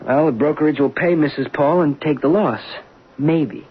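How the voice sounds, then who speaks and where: A nervous young stockbroker. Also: male voice, fairly high pitch, moderate pace, husky. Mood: anxious. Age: young adult. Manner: nervous, stammering. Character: young male stockbroker, anxious and defensive. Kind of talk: 1970s radio drama acting. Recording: dull 1970s radio broadcast.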